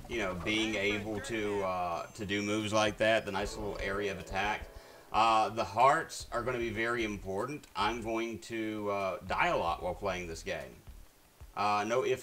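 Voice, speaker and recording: A man's voice: fairly low pitch, a bit bright. A man streaming a video game, chatting to viewers in a rambling, casual way with lots of fillers and restarts. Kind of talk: casual gameplay commentary. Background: faint game music.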